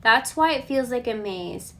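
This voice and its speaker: A woman's voice: on the high side, measured pace, slight background noise. Chatty woman giving a tarot reading. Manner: chatty, ends points with a questioning "okay?"; relaxed and reassuring, thinks aloud with fillers. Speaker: tarot card reader. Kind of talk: casual collective tarot reading.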